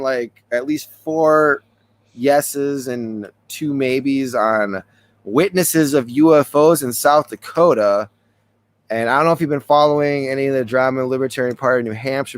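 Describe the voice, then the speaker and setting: A man hosting a casual podcast, talking loosely and rambling with frequent chuckles. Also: mid-range voice. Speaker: podcast host.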